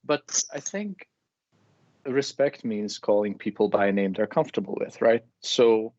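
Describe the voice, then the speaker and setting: A man, a university lecturer, talking in a friendly, relaxed, self-deprecating way as a guest in a live discussion. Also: lowish voice, a little slow, no echo, dull audio.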